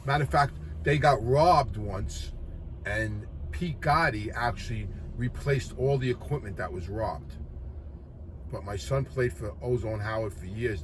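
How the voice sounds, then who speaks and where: A man's voice: fairly low pitch, noisy background. A man with a New York accent telling stories from his past in a blunt, profane, streetwise way. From Queens, New York. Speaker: storyteller recounting his past. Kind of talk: casual anecdotal storytelling.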